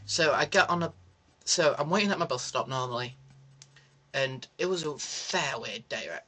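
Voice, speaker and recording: A man's voice: fairly high pitch, normal speed. A young man telling a story in a casual vlog, ranting sarcastically about a bus trip. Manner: animated, sarcastic ranting with mock French asides. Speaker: vlogger.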